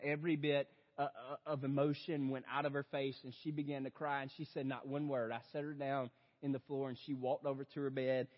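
A young adult male pastor preaches his sermon as a story, speaking straight to listeners as "you guys" and swinging between loud outbursts and hushed reflection. His voice is mid-range, and the sound is dull and lo-fi in a big reverberant hall.

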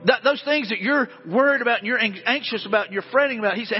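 A man's voice: extremely high pitch, quick pace, in a large hall, dull audio, soft background music. A man preaching a sermon as pastor in a church, earnest and repetitive as he pleads with the congregation. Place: church sanctuary.

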